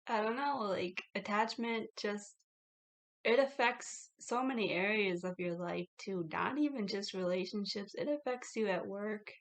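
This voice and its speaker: Slow-talking woman, candid vlog chat. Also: medium pitch. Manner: reflective, heavy "like" fillers, laughs between thoughts. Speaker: YouTuber. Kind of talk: casual confessional vlog talk.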